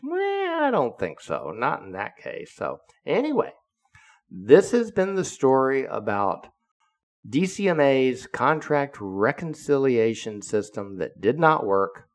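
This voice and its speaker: A man's voice: medium pitch, darkish tone. A man of seventy, a podcaster, telling a story in a blunt, profane monologue that turns heated when he quotes himself. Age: 70s.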